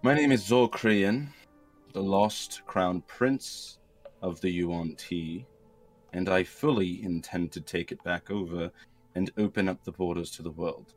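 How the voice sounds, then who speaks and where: A proud exiled prince announces himself in a slow, declaiming tone, as a player voices him. The voice is a very deep man's voice. Soft music plays in the background. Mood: grandiose. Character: proud young male exiled prince, grandiose.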